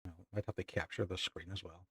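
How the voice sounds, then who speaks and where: A Northern Irish man streaming a game live, chatting casually with viewers and thanking them, excitable and self-mocking. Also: low-pitched, quick pace, very noisy. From Northern Ireland.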